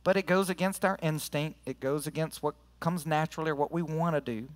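Earnest man preaching, smooth clear voice. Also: on the high side, a little fast, big-room sound. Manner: conversational, earnest, leads prayer and scripture reading. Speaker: pastor. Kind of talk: sermon. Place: church sanctuary.

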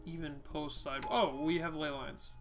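A man giving casual, loud, teasing commentary while playing a card game with a friend, swearing now and then. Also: on the high side, fairly even intonation, a little slow, over music. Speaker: card game player and co-host.

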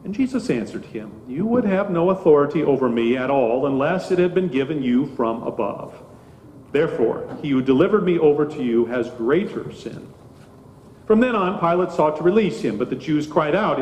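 A man with a slightly high voice reads scripture and preaches a brief sermon in a measured, solemn manner. His voice rings through a church with a long, roomy reverb, and a faint ambient hum sits underneath. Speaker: pastor. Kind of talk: scripture reading and short sermon. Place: church sanctuary.

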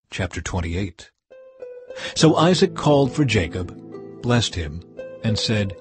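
A man reads scripture aloud in a measured, steady way, voice falling low at phrase ends. His voice is husky and mid-pitched, recorded dry and close. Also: dry recording, soft background music. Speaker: Bible reader.

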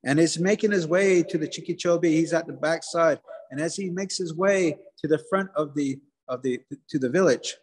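A man tells a traditional folktale aloud, building it with rhythmic, repeated phrases. His voice is husky and sits fairly high. It rings with a long reverb, as in a hall. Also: normal speed. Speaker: storyteller, museum director. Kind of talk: oral folktale telling.

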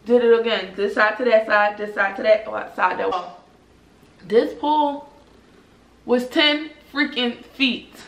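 A young woman vlogger telling a personal story to viewers in a casual, animated way, full of swearing and "y'all". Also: a little high, slow pace. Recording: roomy echoey room.

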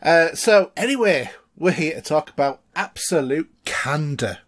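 A man's voice: on the high side, animated, a little slow. A middle-aged man co-hosting a casual podcast, chatty and rambling with lots of fillers. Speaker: podcast co-host.

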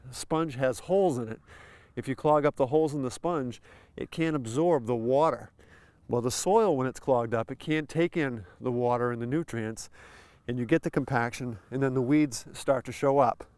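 Guy showing how to aerate a lawn, folksy and easygoing, clean smooth voice, outdoors. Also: medium pitch, moderate pace, a little mellow, dry recording. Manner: folksy, explains with simple analogies. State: a little out of breath at times. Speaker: lawn care show host. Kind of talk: instructional demonstration.

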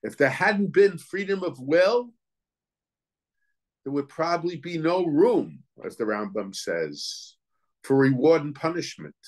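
A man teaching as a rabbi in a Torah lecture. He reasons aloud, asks questions, and often halts to search for words and restart. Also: a little high.

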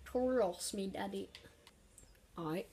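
A woman talks through her own football video game match in a loose, unscripted way, her voice sitting at an ordinary middle pitch. She drops to mutters and whispers, then bursts into loud, swearing shouts when something happens on the pitch. A faint background hum sits under her desk-mic voice. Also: takes it slowly. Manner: excitable, swearing, erupts into shouts at big plays. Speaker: gaming commentator. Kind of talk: casual live game commentary.

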